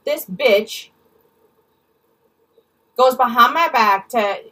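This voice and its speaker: A woman vents in a storytime vlog, cursing and mocking the people in her story. Her voice is bright and husky, and a little high. She sits a bit back from the mic. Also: extremely slow, recorded from a distance, low-quality recording. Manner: angry, blunt, swears freely, mimics people in quotes. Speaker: vlogger.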